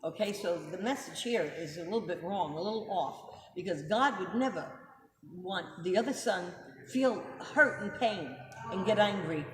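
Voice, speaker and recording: Middle-aged vrouw als host, nadrukkelijk, retorische vragen, galmende kamer met achtergrondruis. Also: female voice, on the low side, animated, normal speed. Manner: emphatic, rhetorical questions, checking with listener. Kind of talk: casual religious commentary. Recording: echoey room with background noise.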